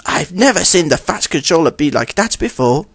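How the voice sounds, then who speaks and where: A man voicing a kindly, friendly male steam engine in a fan audio story, warm and exclaiming. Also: a little high, big pitch swings, moderate pace, husky, no echo, voice pushed up, heavily acted.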